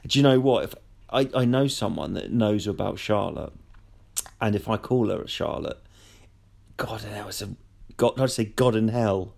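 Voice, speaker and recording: Lively man, joking banter. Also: on the low side, normal speed, creaky, pauses often. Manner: animated, swearing, joking banter. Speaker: podcast co-host. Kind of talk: casual chat.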